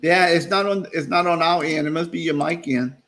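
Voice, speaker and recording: Hosting a relaxed live-stream conversation over a video call, the man rambles with plenty of fillers and false starts and laughs at himself often. He speaks fairly quickly in a slightly high, slightly bright voice.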